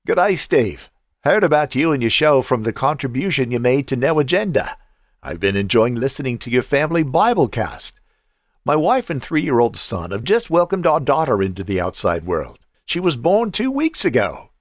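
A man's voice: mid-range voice, big pitch swings, normal speed, dry recording, studio quality, natural voice. A man reading aloud a listener's letter as a cheerful Australian dad, in a playful, exaggerated put-on Australian accent.

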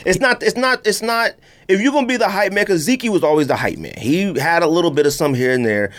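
A man's voice: sits high, fast talker, fairly bright tone. A man hosting a casual podcast chat, talking loosely and animatedly, repeating himself and acting out what others said. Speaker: podcast host.

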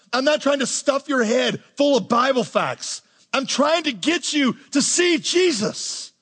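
A high-pitched, husky male pastor delivers a sermon. He drops to quiet, low lines, then lifts his voice for emphasis. His words ring out with the long reverb of a large hall. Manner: preaching with big swings between soft low lines and raised emphatic ones.

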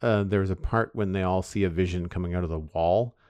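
A man's voice: sits low, brisk, darkish tone, clear, resonant tone, dry recording. A man hosting a casual podcast chat, hesitant and full of fillers as he gives his opinion. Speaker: podcast host.

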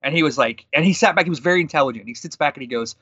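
Fast-talking bright-voiced man. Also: fairly high pitch, slightly rough, no room sound, lo-fi sound. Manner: fast, animated storytelling with quoted dialogue. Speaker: guest. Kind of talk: conversational storytelling.

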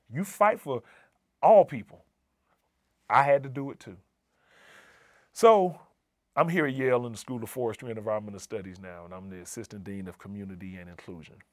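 A man's voice: medium pitch, no echo. A middle-aged man, an assistant dean, telling a personal story in an earnest, emphatic way and repeating key phrases for weight. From Southern United States. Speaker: assistant dean of community and inclusion.

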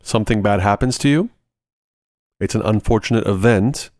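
A man's voice: on the low side, moderate pace, darkish tone, no room sound, studio quality. A man hosting a ministry podcast, teaching in a conversational way and walking through everyday examples step by step, repeating short phrases for emphasis.

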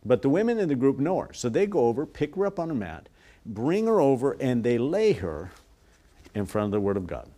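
A man in a TV interview, earnestly telling a story and acting out quoted voices softly. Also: medium pitch, very animated, a little fast. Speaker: guest, ministry worker.

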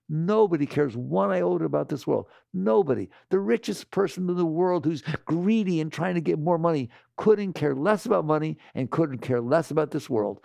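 A man with a gravelly voice gives a spiritual talk to an audience. He is animated, laughs often and acts out imagined voices. The sound is dry and close, with no room echo. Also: fairly high pitch, normal speed, hardly any pauses. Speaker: spiritual teacher.

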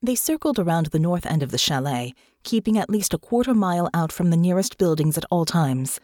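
Lively low-voiced woman narrating. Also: dry recording, clean studio sound. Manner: expressive, measured storytelling. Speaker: audiobook narrator. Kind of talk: scripted narration.

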